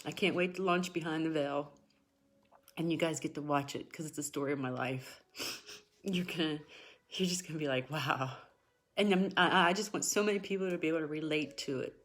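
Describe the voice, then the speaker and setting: A woman's voice: low voice, fairly quick. A middle-aged woman hosting a spiritual talk show, speaking earnestly and encouragingly to her viewers and repeating herself for emphasis. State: tearful at times. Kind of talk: emotional personal talk to viewers.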